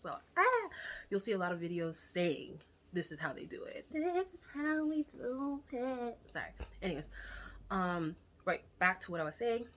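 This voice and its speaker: Young woman vlogging, chatty and candid, kinda low voice, whispers her asides. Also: slight background noise. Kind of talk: casual storytelling to camera.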